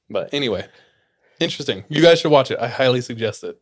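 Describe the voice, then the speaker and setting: A young podcast co-host with a husky, medium-pitched voice tells a long story in casual chat. He talks a little fast but takes long pauses, and he's an animated storyteller who laughs a lot.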